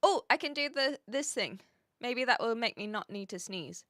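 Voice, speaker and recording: A woman's voice: fairly high pitch, expressive, moderate pace, a bit bright, no echo, studio quality. A woman hosting a livestream, chatting casually and laughing often as she reads viewer messages. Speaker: livestream host.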